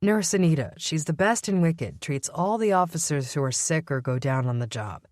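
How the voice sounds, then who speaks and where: A woman's voice: sits low, expressive, moderate pace, a little mellow, dry recording, clean studio sound. A woman reading an audiobook, voicing a guilty, earnest male vampire police captain who speaks politely and apologetically. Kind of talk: audiobook character voice.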